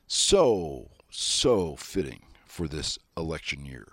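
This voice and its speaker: Deep, lively folksy host, country rancher manner, dry close mic. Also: male voice, normal speed, dry recording. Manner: folksy storytelling, self-styled country rancher. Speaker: talk show host. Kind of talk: political talk show monologue.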